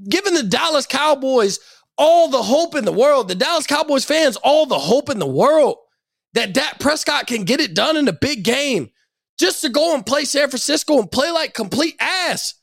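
A man hosting a sports podcast, delivering an angry, profane rant and shouting at times. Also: very high voice, vocal fry, dry recording, clean studio sound.

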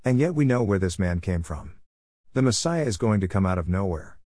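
Puzzled, doubting men from a crowd, as a man reads them aloud. The questioning lines come in a lowish, dry voice. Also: animated, fairly quick, mellow, no echo. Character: doubting male townsfolk in a crowd.

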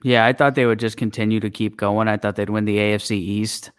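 A man's voice: lowish voice, little pitch movement, fairly quick, clean tone, no echo, studio quality. A man co-hosting a sports podcast, speaking in a casual, plainspoken way. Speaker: podcast co-host.

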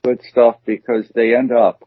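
Rambling husky man on a tinny line. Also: medium pitch, flat delivery, moderate pace, no echo. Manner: rambling, hesitant, many fillers. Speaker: podcast co-host. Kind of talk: casual banter. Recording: tinny phone-like sound.

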